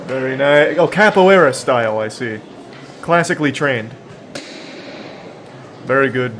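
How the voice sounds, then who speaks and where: A man in his thirties giving casual, sarcastic commentary on video clips, with deadpan asides and sudden excited shouts. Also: medium pitch, a little slow, faint music behind.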